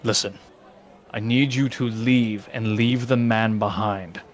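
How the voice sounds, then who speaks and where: A man's voice: steady tone, some chatter behind. A man playing a menacing city guard. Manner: low, slow, threatening. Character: menacing male city guard, blunt and threatening.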